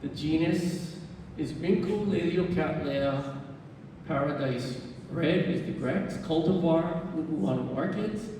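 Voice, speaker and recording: Slow easygoing guy explaining stuff, mellow voice, echoey hall from far off. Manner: unhurried, explanatory, with fillers and self-corrections. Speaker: orchid society speaker. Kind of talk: club presentation. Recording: roomy hall, distant mic, faint rumble.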